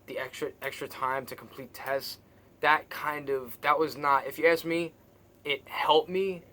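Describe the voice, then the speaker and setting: Bright-voiced man rambling bluntly. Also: medium pitch. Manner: rambling with many restarts and fillers; blunt, swears freely. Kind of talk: personal monologue.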